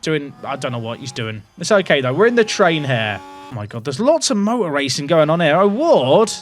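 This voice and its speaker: A man giving excitable, jokey commentary while playing a racing management game, swinging between hype and quiet muttering. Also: fairly high pitch, normal speed. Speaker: gaming YouTuber.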